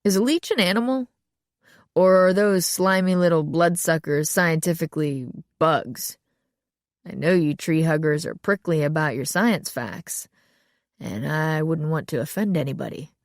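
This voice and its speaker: A woman voicing a folksy, mocking male small-town sheriff with a slow drawl. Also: fairly low pitch, dry recording, studio quality.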